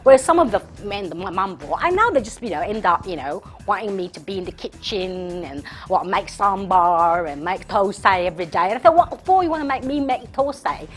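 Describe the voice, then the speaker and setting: A woman's voice: medium pitch, animated, fairly quick, few pauses, soft background music, voice pushed up, natural voice. A woman voicing a tough, brash young woman who talks in a mouthy, slangy way, as a comic character sketch. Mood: defiant.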